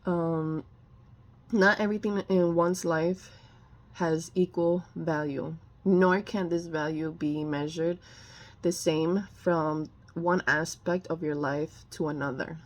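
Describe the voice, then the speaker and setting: A woman's voice: lowish voice, steady tone, takes it slowly. A woman giving a casual tarot reading, rambling with many fillers and restarts and often apologizing. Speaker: tarot reader.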